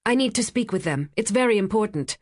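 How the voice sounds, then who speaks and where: A woman's voice: mid-range voice, animated, fairly quick, pitched above the performer's own voice, natural voice. A woman voicing a tense, determined young female journalist who speaks urgently and slightly out of breath. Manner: urgent, pressing, a little breathless.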